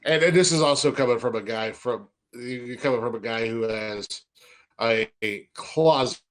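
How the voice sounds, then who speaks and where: A man's voice: mid-range voice, unhurried, a bit bright. Rambling, swearing podcast host man. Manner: rambling, stammering restarts, profane storytelling. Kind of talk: casual podcast banter.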